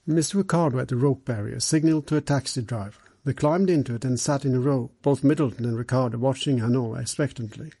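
A man narrating an audiobook in a steady, measured way. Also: medium pitch, creaky, slightly rough, no room sound, poor audio.

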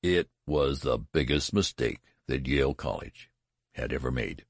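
A man narrating a story in a measured, expressive reading. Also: a bass voice, no room sound, studio quality. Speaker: audiobook narrator. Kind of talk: scripted narration.

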